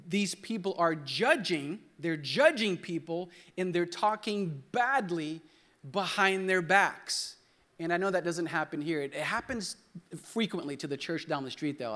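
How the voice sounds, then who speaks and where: A man's voice: fairly high pitch, fairly bright tone. A young man preaching a sermon in church, loose and joking, with restarts, calling on the congregation to repeat words. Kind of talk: sermon with congregation call-and-response. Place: church hall.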